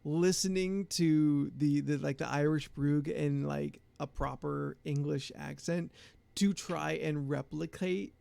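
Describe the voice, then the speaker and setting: A man's voice: a little high, fairly even intonation, unhurried, creaky, mellow, no echo. A man co-hosting a podcast, chatting casually with lots of fillers and rambling asides. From New Jersey. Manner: rambling, filler-heavy, laughs at own jokes. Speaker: podcast co-host. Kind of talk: casual chat.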